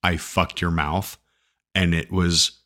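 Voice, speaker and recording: A man's voice: sits low, little pitch movement, slow, sharp tone. A man in casual chat who teases a lot and laughs often. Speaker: podcast co-host.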